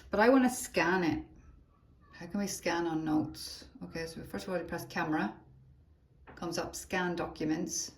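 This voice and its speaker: A lower-voiced woman talks teachers through a phone demo in real time, chatty and thinking aloud as she works. The room rings with echo, and a faint hiss sits under her voice. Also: normal speed. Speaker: teacher trainer. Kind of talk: live phone demo tutorial.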